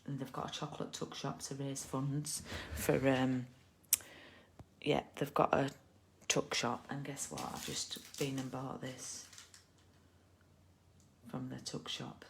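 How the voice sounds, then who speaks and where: A woman's voice: a bass voice, slow, creaky, a little hiss or hum. A British woman hosting a live card-making stream, chatting casually and rambling with lots of ums and asides. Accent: British English. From United Kingdom. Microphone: laptop or phone camera mic.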